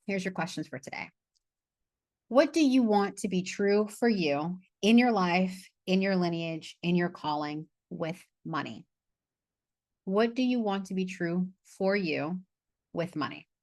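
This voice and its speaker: A woman's voice: lowish voice, lively intonation, unhurried, a little mellow, no echo, studio quality. A woman leading a money masterclass over a video call, chatting casually, laughing, swearing and losing her train of thought. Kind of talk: casual live online class.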